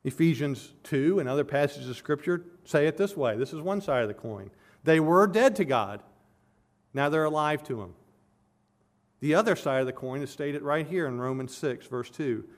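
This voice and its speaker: Male preacher, earnest expository delivery with emphatic swells; voice sits a little high. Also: expressive, normal speed. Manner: earnest, builds to emphatic peaks. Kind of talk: expository sermon.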